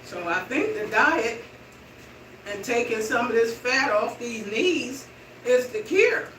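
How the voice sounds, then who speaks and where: A middle-aged woman chats casually to her viewers, taking slow steps while she exercises indoors. Her voice sits away from the camera in a roomy space, with clear background noise all around. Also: a little high, lively intonation, a bit bright. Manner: chatty, slow walking while talking. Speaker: vlogger. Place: indoor room with hardwood floor. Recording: roomy, distant and noisy room sound.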